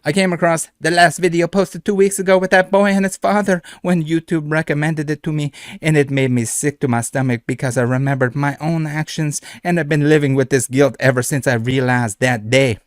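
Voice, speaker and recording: A man's voice: a little high, steady tone, fairly quick, few pauses, no room sound, clean studio sound, close to an everyday voice. A man voicing an adult male thief who pleads desperately for mercy, in a mock French cowboy accent. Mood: begging.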